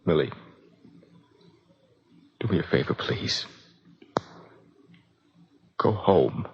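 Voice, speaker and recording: An actor playing a withdrawn young veteran in a wheelchair, speaking in halting 1950s radio drama style. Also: male voice, sits low, expressive, gravelly, breathy edge, exaggerated voice. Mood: strained. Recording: dull lo-fi old radio broadcast.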